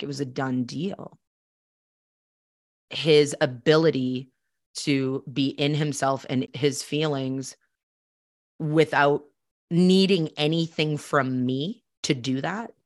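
A woman's voice: sits low, no echo. Candid woman telling her story. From Boston. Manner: candid, chatty, acts out quoted dialogue. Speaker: podcast host. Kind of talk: personal storytelling.

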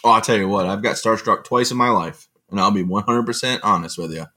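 Guest: man from Michigan, motivational speaker, bright and forceful tone, easygoing anecdote teller. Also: lowish voice, fast. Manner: lively, self-mocking, often laughing and acting out quotes. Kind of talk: casual anecdotal storytelling.

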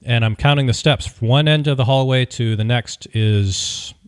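A man tells a story in a wry, opinionated way and keeps it lively. His voice is mid-pitched, and the recording is close and dry with no room sound. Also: moderate pace, smooth, no room sound. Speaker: podcast host. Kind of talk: casual storytelling.

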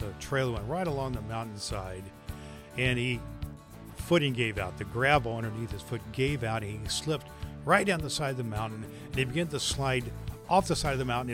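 A man hosting and teaching an online course in a loose, rambling way, telling jokes and stories. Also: mid-range voice. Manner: rambling, loose, with fillers and restarts. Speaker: host and doctor teaching a course. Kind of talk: casual spoken lesson.

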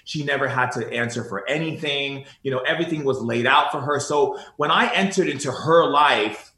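A man's voice: mid-range voice, normal speed. Earnest man in an echoey room. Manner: earnest, animated storytelling, repeats phrases. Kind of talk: spiritual conversation.

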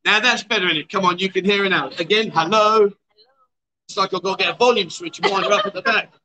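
A man's voice: high-pitched, very fast, pushed and bright, low-quality recording. A man hosting a casual livestream chat show at a bar, teasing and coaxing his guests. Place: outdoor bar.

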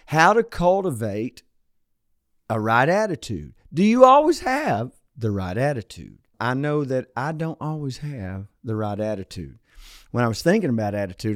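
A man who is a preacher, giving a casual devotional talk and telling a joke story in a relaxed, conversational way. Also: medium pitch, no room sound, studio quality.

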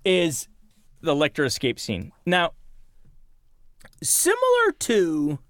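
Excitable man in his forties retelling scenes. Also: fairly high pitch, slow pace, no echo, clean studio sound. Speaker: podcast co-host. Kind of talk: casual film discussion.

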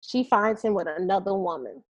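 A woman co-hosting a podcast, casually retelling a movie plot with lively asides and laughter. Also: medium pitch, normal speed. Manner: animated storytelling with quoted voices and laughter. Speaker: podcast co-host. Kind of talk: casual movie review chat.

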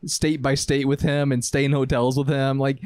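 A young man in casual chat, relaxed and rambling, with lots of fillers. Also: mid-range voice, normal speed, clean tone, no echo.

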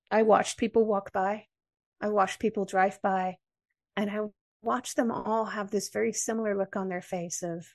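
A woman with an American accent, a podcast guest, telling a personal story in an interview in an earnest, measured way. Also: medium pitch, fairly even intonation.

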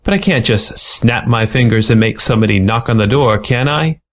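A man voicing a small, sardonic male ferret private eye with a hardboiled, fast-talking manner. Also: medium pitch, close to an everyday voice. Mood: wry.

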